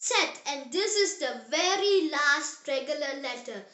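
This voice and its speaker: A child hosting a scripted language lesson, upbeat and encouraging, spelling out sounds slowly. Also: sits high, animated, sharp tone. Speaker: language teacher, channel host. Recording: roomy echo.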